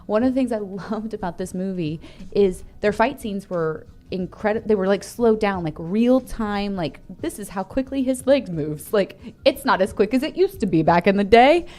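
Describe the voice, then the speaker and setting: A woman's voice: medium pitch, expressive, normal speed, darkish tone. A woman co-hosting a casual movie discussion, enthusiastic and chatty. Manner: enthusiastic, chatty, laughs easily. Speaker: co-host.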